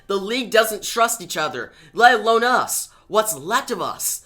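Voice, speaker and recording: A man's voice: fairly high pitch, animated, moderate pace, bright, forceful tone. A man reading a stern superhero leader woman. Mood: urgent.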